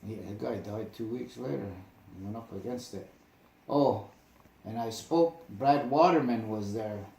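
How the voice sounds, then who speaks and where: A man telling stories in casual conversation, emphatic and animated, often asking if the listener follows. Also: fairly low pitch, a little slow, vocal fry, echoey room, rough recording. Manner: animated, emphatic, asks "you get me?". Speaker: storyteller. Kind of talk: casual storytelling chat.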